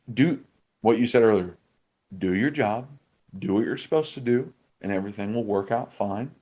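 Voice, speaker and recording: A man's voice: medium pitch, a little mellow. A young man co-hosting a sports podcast, ranting heatedly about referees with frequent swearing. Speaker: podcast co-host, former offensive lineman. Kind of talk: casual sports podcast chat.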